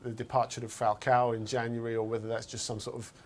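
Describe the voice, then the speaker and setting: A man's voice: mid-range voice, flat delivery, fast. A man discussing football in a casual studio chat, talking hesitantly and often repeating his words as he thinks. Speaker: football pundit.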